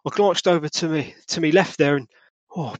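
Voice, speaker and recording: A man's voice: on the high side, normal speed, no echo, pitched above the performer's own voice, lightly acted. A man voicing a startled, nervous Victorian witness, stammering and exclaiming. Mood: panicky.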